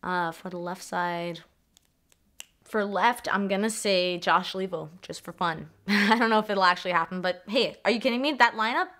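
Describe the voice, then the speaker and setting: A young woman from Canada chatting excitedly as a sports vlogger, swearing freely, repeating herself and trailing off mid-thought. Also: medium pitch, normal speed. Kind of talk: excited casual vlog chat.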